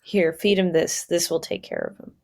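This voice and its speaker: A woman's voice: fairly low pitch, wildly swooping pitch, moderate pace, creaky, pitched below the performer's own voice, exaggerated voice. Woman doing a no-nonsense witch. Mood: businesslike. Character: brisk female witch granting a favor.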